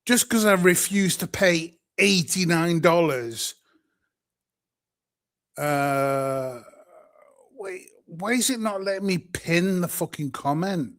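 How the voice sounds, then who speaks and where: A man's voice: sits high, animated, takes it slowly, a bit bright. A British man hosting a livestream, ranting in an angry, profane, exasperated way. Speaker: livestream host. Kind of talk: profane live-stream rant.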